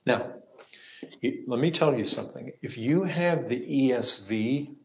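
Slow, emphatic male preacher. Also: mid-range voice. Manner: emphatic, swings between loud cries and hushed asides. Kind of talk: sermon.

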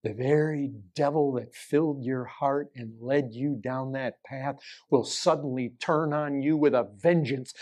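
A man delivers a sermon at a measured pace, packed with rhetorical questions. His lines swing between raised, urgent moments and low, hushed passages.

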